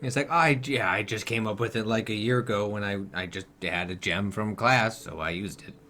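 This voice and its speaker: A man's voice: lowish voice, normal speed, sharp tone, slight background noise. Man doing a guilt-ridden inventor father. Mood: tinkering pride. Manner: pleading, apologetic.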